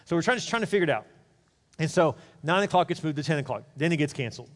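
A male pastor tells a story from the pulpit at a rapid clip, his voice sitting a little high for a man. He talks candidly and chattily, throwing quick asides to the congregation. The sound rings out with the long reverb of a church hall. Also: expressive. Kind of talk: storytelling sermon.

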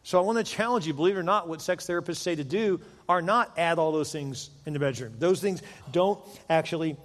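A man's voice: fairly high pitch, fairly quick. A middle-aged man preaching a sermon to a large church congregation, casual and joking in tone. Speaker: pastor. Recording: long hall reverb.

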